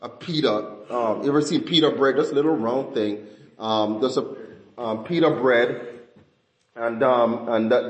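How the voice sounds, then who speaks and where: A man's voice: medium pitch, darkish tone, highs cut off. A man teaching scripture in a conversational sermon style, often asking his listeners questions. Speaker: Bible teacher. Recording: roomy echo.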